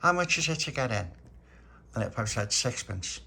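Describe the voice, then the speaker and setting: A man telling a rambling childhood story, raising his pitch for the children's lines. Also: very animated, moderate pace, gravelly, sharp tone, slight background noise. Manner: chatty, rambling, acts out children's voices in a raised pitch. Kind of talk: spoken storytelling of a childhood memory.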